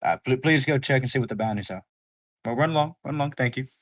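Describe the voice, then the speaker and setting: A man's voice: medium pitch, expressive, fast talker, dry recording, pitched above the performer's own voice, natural voice. A man voicing a fussy, overly polite male pirate commander who stammers and fumbles his words. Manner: stammering, flustered, overly courteous.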